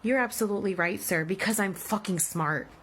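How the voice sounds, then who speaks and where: A woman's voice: mid-range voice, fairly quick, a bit bright, a little hiss or hum. A woman in her thirties ranting angrily into her own vlog, emphatic and swearing heavily. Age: 30s. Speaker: vlogger. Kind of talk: heated personal story rant.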